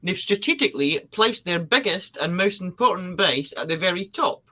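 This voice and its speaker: A woman's voice: on the low side, expressive, moderate pace, bright, forceful tone. A woman co-hosting a podcast, chatting casually and teasing out suspense with theatrical questions. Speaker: podcast co-host. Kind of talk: casual conspiracy chat.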